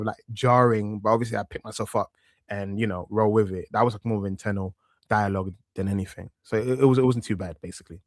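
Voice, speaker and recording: A man's voice: medium pitch, no echo. East london guy in his 30s on a podcast, thick accent, lots of uhs, dead dry sound. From East London, England. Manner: relaxed and reflective, many fillers and restarts. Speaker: podcast guest, wrestling media presenter. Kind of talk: casual interview chat.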